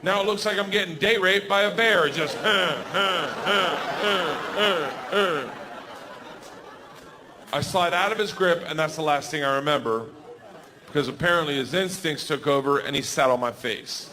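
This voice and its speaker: A man in his forties telling a stand-up story, animated and yelling his punchlines, on a stage mic. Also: a little high, brisk, crowd noise, background noise. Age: 40s. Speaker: stand-up comedian. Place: large comedy venue. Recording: live stage mic with hall reverb and faint ambience.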